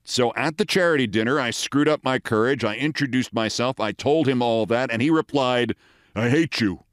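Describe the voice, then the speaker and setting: A man's voice: medium pitch, a little fast, clean tone, no echo, clean studio sound. A man in his sixties, originally from the Bronx, hosting and telling a wry, precisely delivered anecdote. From the Bronx, New York. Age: 60s. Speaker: host. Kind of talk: storytelling monologue.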